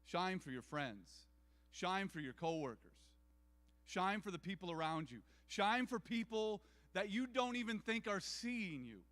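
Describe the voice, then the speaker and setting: A high-pitched, animated man with a fairly bright tone speaks unhurriedly as an event speaker. His speech is earnest and inspirational, built on repeated rallying phrases, and it echoes with the long reverb of a large event hall.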